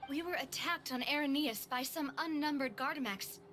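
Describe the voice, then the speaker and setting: Young woman sleuth, high bright voice, earnest and firm. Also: moderate pace, a little hiss or hum. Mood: determined. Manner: earnest, determined. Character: confident young female investigator. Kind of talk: video game voice acting.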